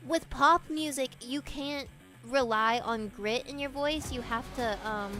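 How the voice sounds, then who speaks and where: A woman's voice: high-pitched, unhurried, bright, forceful tone, faint music behind. A woman streamer chatting casually with her viewers, rambling and laughing often. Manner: giggly, rambling, playful.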